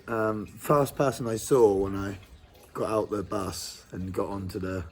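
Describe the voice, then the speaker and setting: A man's voice: lowish voice, fairly even intonation, unhurried. Casting: man, tribute band musician, easygoing rambling storyteller. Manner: rambling, lots of likes and ums. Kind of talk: casual anecdote.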